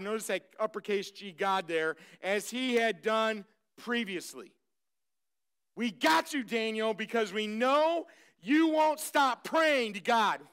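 Energetic guy preaching at church, smooth clear voice, gets the crowd to shout back. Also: high-pitched. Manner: energetic, exclaims and calls out to the congregation. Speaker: pastor. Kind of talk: live sermon. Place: church service.

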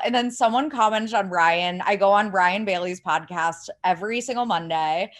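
A woman from Ohio, a podcast guest, chatting casually with heavy vocal fry and lots of "like" fillers, on a laptop mic. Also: mid-range voice, expressive, brisk, hardly any pauses. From Ohio, USA. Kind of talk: casual interview chat. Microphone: laptop mic without headphones.

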